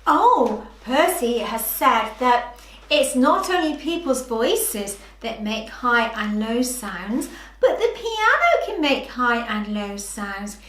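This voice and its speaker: A woman teaching young children with a slow, gentle, sing-song delivery, her voice lifting high and swooping often. She sits slightly high for a woman. The sound carries a roomy echo. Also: sing-song. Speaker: early years teacher. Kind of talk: preschool phonics lesson. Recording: roomy echoey room.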